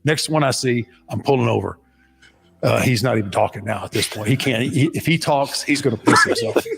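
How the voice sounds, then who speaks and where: A man casually telling a funny road-trip story with lively delivery, often laughing. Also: fairly quick, creaky, breathy edge. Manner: animated, mimics friend in high voice, laughs a lot. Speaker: podcast guest.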